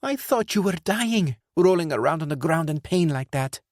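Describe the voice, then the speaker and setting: Casting: male narrator putting on a high-pitched worried young woman adventurer, audiobook, dry close sound. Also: animated, moderate pace, dry recording, natural voice. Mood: exasperated.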